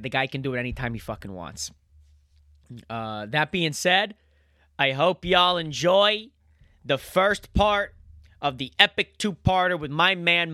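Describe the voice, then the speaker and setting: Bright-voiced young man hosting a podcast. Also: medium pitch, no echo, clean studio sound. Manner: loose, swearing, laughing often. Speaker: podcast host. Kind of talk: casual podcast chat.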